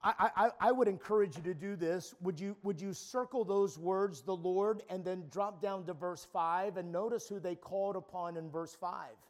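Male pastor, high voice, sermon, stammering restarts, climbs to shouting. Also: normal speed, hardly any pauses. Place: camp meeting.

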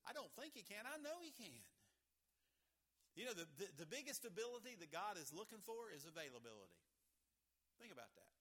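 Bright-voiced emphatic male preacher. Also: high-pitched, very animated, fairly quick, pauses often. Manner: emphatic preaching, repeating key lines, swinging from loud to soft. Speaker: pastor. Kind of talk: sermon.

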